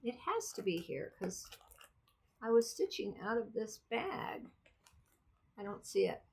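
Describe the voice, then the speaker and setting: A woman's voice: medium pitch, sing-song, measured pace, gravelly, a little hiss or hum. A woman vlogger chatting casually about her cross stitch projects, rambling and thinking aloud as she goes. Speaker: craft vlogger. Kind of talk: casual chat.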